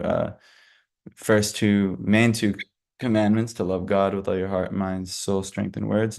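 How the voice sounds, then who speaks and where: A man with hiccups giving a casual scripture lesson, halting often with fillers and restarts. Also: low voice, vocal fry, a little mellow. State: has hiccups. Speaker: scripture class teacher.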